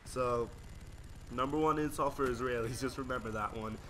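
A man's voice: medium pitch, normal speed, a bit bright, slight background noise. A young man rambling through casual gameplay commentary and stories, slangy and easily sidetracked. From United States. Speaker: gaming video creator.

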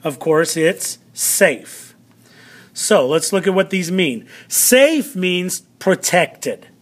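A male teacher giving a vocabulary lesson to students, drawing out words slowly and checking in often. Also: on the high side. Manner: slow, drawn-out word pronunciation with frequent "all right" check-ins.

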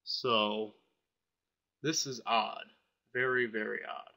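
A man casually demonstrating software while thinking aloud, offhand and a bit puzzled. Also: on the low side, steady tone, slow pace, vocal fry. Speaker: software reviewer. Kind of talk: casual screen-recorded software demo.

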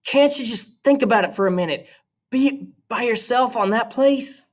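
A man voicing a young tomboy girl who pleads desperately in a raised, high voice. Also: normal speed.

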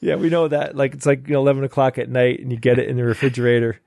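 Gravelly man reading listener mail. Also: mid-range voice, very fast, no echo, studio quality. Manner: reads listener email aloud, relaxed and chatty. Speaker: podcast co-host. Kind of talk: casual panel chat.

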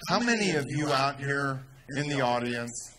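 A man with a Texan accent telling a story in a speech to a crowd, rising to loud, emphatic peaks. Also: medium pitch, expressive, unhurried, slight background noise. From Texas. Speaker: speaker at a rally.

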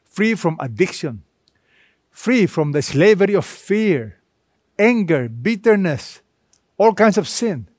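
A man delivers a sermon in a somewhat high voice, leaning hard on repeated phrases and stretching key words with pauses. The sound is close and dry, with little room echo. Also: very animated, darkish tone. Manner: emphatic, repetitive preaching with dramatic pauses. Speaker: pastor.

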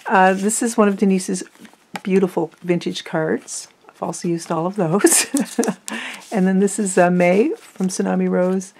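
A woman hosting a craft video, talking softly and fondly through a flip-through while losing her voice. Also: mid-range voice, steady tone, a little slow, a little hiss or hum. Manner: soft-spoken, fond, often drops to a near whisper. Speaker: crafting channel host. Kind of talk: casual journal flip-through.

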